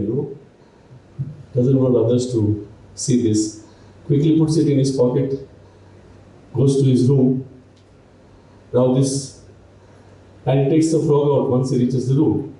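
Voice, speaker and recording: Male event speaker telling a light anecdote, easy asides, warm dark tone, recorded from far off in a reverberant hall. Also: medium pitch, a little slow, pauses often. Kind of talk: humorous storytelling speech.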